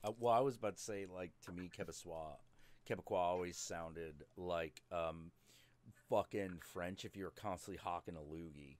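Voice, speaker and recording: A man's voice: low voice, normal speed. A man hosting a live stream, chatting casually, swearing freely and slipping into mock voices. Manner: animated, profane, does mock voices. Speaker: host.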